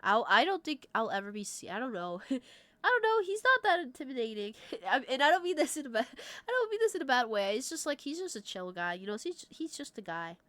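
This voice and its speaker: Giggly young woman streamer, lively pitch. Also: fairly quick, hardly any pauses, no room sound. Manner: giggly, laughs often, swears freely. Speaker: livestreamer. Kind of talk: casual chat with stream viewers.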